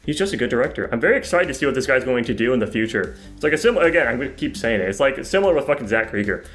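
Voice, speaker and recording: A man's voice: medium pitch, lively intonation, very fast, a bit bright, soft background music. A man co-hosting a podcast, retelling film scenes in a rambling, profane way during casual chat. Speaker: podcast co-host. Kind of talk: casual movie review chat.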